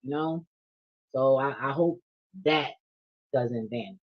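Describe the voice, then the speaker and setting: A woman's voice: extremely low pitch, slow pace, highs cut off. A woman vlogger, telling a casual monologue full of slang and swearing. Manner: animated, profane storytelling with slang.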